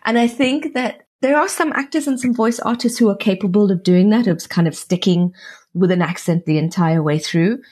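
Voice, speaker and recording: A woman who works as an audiobook narrator and actress, talking in an animated, chatty way with many restarts. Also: mid-range voice, normal speed, breathy edge. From South Africa. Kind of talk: conversational interview.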